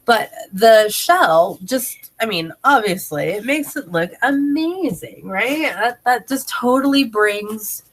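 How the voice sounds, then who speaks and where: A woman's voice: fairly high pitch, expressive, takes it slowly, few pauses. Chatty congested woman laughing through a story. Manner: chatty, laughs often, talks to her child between sentences. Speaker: direct sales consultant. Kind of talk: casual video tutorial. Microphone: camera mic, talking to camera.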